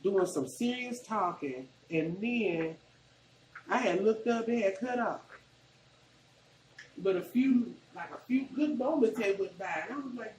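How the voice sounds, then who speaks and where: A man's voice: sits high, lively intonation, unhurried, darkish tone, a little hiss or hum. Chatty Southern man in an echoey kitchen. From Arkansas, US South. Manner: chatty, rambling, colloquial. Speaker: cooking vlogger. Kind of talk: casual cooking tutorial. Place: home kitchen.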